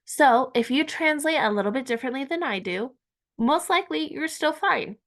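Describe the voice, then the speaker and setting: A woman teaching a Spanish lesson, saying each word slowly and repeating it for learners. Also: high voice, lively intonation, fairly bright tone. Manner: slow and deliberate, repeating words for learners. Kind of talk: language lesson.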